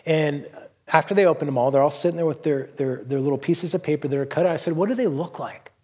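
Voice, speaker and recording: A middle-aged male pastor with a somewhat high, slightly husky voice delivers a sermon. He talks in a loose, conversational way, telling stories with plenty of "you know"s and restarts. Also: steady tone, quick pace, darkish tone. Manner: conversational storytelling with many fillers and restarts. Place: church hall.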